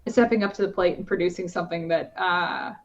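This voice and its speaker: A woman's voice: fairly low pitch, fairly quick. A woman, a competitive shooter, talking casually in a podcast interview, with many fillers and restarts. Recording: slightly dull lo-fi podcast audio.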